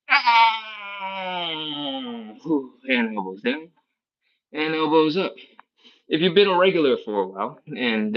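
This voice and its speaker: Joking male fitness instructor counting reps. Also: mid-range voice. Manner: breathless sighs between sets. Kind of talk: live guided stretching class. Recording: slightly dull lo-fi stream audio.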